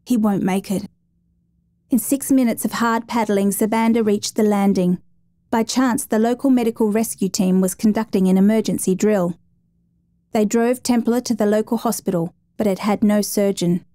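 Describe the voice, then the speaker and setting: A woman reading a dramatic true story as a steady, measured narrator. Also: mid-range voice, dry recording.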